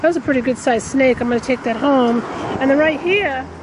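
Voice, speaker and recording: Excitable New woman vlogging outdoors. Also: high-pitched, brisk. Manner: excitable, exclaims often. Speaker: nature vlogger. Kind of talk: casual outdoor vlog narration. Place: outdoors by a river and roadside. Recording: outdoor traffic noise behind.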